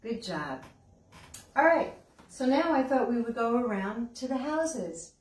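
A woman librarian leading a children's story time with songs, talking in a slow, gentle sing-song way. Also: on the high side, lively intonation, far from the mic. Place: library room. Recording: echoey room, away from the mic.

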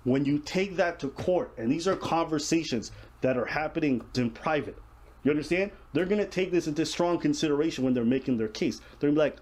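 A man's voice: fairly high pitch, fast, a little mellow, a little hiss or hum. A man hosting a casual reaction show, explaining the news bluntly with profanity.

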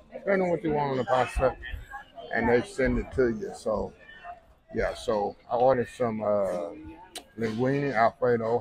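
This food vlogger from Texas talks in a folksy, chatty way on board a cruise ship, speaking right to his viewers and often calling them "y'all." He has a medium-pitched voice, caught in a low-quality recording against busy crowd chatter.

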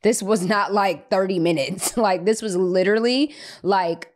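A woman, telling a personal faith story on a podcast in a lively, conversational way. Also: mid-range voice, unhurried. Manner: animated, acts out children's voices, laughs often. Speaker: podcast host.

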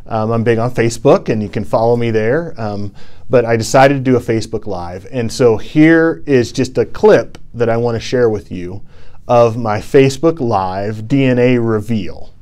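A man's voice: mid-range voice, moderate pace, a little mellow. A man giving a TED-style inspirational talk as a presenter, earnest and impassioned, building emphasis through rhythmic repetition.

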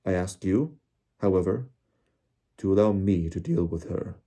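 A man's voice: low voice, expressive, unhurried, mellow, heavily acted. A man voicing a cold, stern senior ministry official with clipped, icy anger. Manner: clipped, icily angry.

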